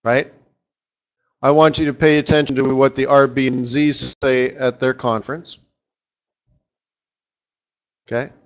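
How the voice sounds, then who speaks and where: A man hosting a live trading session, chatty and excitable, breaking into lively exclamations. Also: mid-range voice, unhurried, pauses often, highs cut off. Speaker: market strategist host. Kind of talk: live trading webinar commentary.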